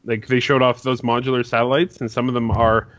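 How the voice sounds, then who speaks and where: A man's voice: medium pitch, little pitch movement, fairly quick, a bit bright, no room sound. A man in a casual chat over an online voice call, matter-of-fact as he explains things. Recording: dull lo-fi call audio.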